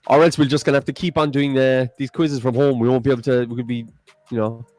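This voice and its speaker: A man's voice: mid-range voice, flat delivery, fast talker, a little mellow, no room sound, soft background music. An Irish man in his thirties co-hosting a live quiz stream from home, bantering and laughing. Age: 30s. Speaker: quiz co-host. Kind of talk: casual live-stream chat.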